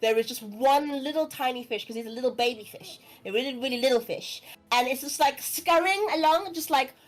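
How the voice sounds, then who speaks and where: A woman narrating as dungeon master in a relaxed, chatty way, full of fillers and asides. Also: high-pitched, a little fast. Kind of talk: narrating a tabletop game.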